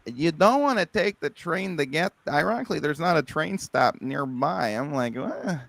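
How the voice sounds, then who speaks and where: A man co-hosting a comedy podcast, improvising rapid bits and slipping into character voices as he laughs through them. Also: a little high, expressive, vocal fry, fairly bright tone, dry recording.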